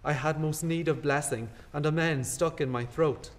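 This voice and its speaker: An actor playing a guilt-haunted nobleman in classical stage style, hushed and brooding. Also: a little high, steady tone, normal speed, close to an everyday voice. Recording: long hall reverb.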